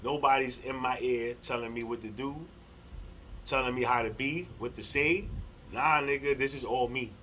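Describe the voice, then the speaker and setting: A middle-aged man in a casual spiritual monologue to camera, rambling and repeating words, with heavy slang and swearing, earnest, with soft laughs between thoughts. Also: mid-range voice, steady tone, moderate pace, slight background noise, poor audio. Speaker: spiritual vlogger.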